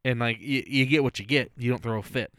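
A man's voice: mid-range voice, brisk, a bit bright, no echo, clean studio sound. Easygoing young man telling a story. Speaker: podcast co-host. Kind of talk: casual chat.

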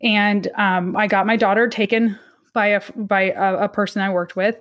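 A woman in her thirties, an academic guest in an interview, telling a personal story in an earnest, halting way with frequent restarts. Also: mid-range voice, steady tone.

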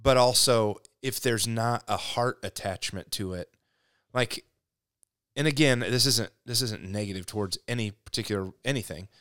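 A man's voice: lowish voice, normal speed, fairly bright tone, clean tone, dry recording, clean studio sound. A man co-hosting a casual faith discussion podcast, earnest and reflective, thinking aloud as he talks. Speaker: podcast co-host.

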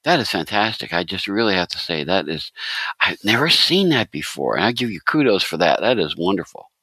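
Deep-voiced host, bright and dry. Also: male voice, big pitch swings, a little fast, husky, no room sound. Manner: enthusiastic, effusive praise, stammering restarts. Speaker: podcast host. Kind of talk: casual interview talk.

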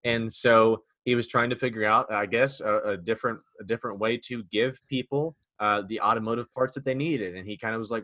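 A man's voice: fairly low pitch, fairly even intonation, moderate pace, sharp tone, dry recording, clean studio sound. A man hosting a casual podcast chat, joking and rambling with many restarts. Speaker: podcast host.

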